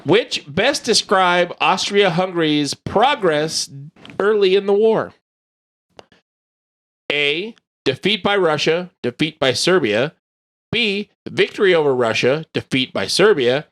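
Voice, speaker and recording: A man hosts a casual podcast and runs a trivia quiz. He reads each question slowly and with plenty of lift in his voice, cracking jokes between answers. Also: high voice, animated, fairly bright tone. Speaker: podcast host and quizmaster.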